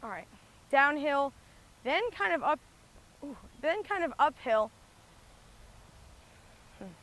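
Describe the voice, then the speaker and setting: A woman's voice: sits high, expressive, slow, fairly bright tone. A woman talking casually through her golf shots outdoors, chatty and thinking aloud, out of breath. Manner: chatty, thinks aloud with many likes and restarts. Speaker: golf vlogger. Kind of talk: casual talk-through while playing golf. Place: outdoors on a windy golf course.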